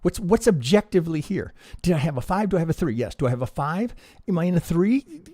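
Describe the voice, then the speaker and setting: A man teaching trading on a live stream, reviewing charts in an animated, profane way and asking "right?" again and again. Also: a little high, fast talker, husky, dry recording, clean studio sound. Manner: profane, emphatic, acts out trader reactions, keeps asking "right?".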